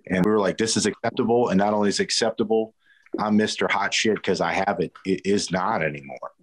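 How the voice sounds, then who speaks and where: A man's voice: low voice, fairly even intonation, a little fast, low-quality recording. A man on a podcast panel talking loosely and profanely over a remote call. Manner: loose and profane, self-mocking. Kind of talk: casual panel chat. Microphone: remote call over a poor connection.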